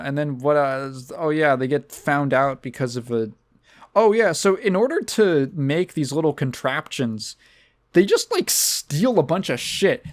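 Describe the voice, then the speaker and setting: Sarcastic podcast host, very lively pitch. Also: male voice. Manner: rambling, sarcastic, swears freely. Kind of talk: casual chat recapping a movie.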